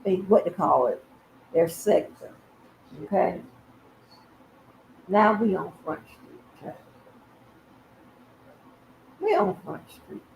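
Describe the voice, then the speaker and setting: Gravelly-voiced woman chatting in an echoey room. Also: fairly low pitch, lively intonation, slow, long pauses, a little mellow, a little hiss or hum. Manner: chatty, addresses viewers directly, swears freely. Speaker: commentary channel host. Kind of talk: casual commentary stream. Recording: echoey, slightly muffled room audio.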